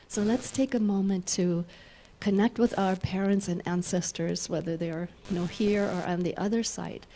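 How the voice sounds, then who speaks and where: Leading a spiritual talk with guided exercises, a female minister whose first language is German speaks gently in a mid-range voice. She's from German-speaking Europe and laughs frequently as she takes her audience through slow breathing, while faint room noise hums in the background.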